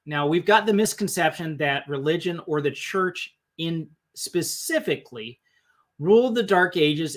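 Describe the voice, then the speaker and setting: Host, a man with a fairly high voice, musing and thinking aloud on a live stream. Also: fairly bright tone.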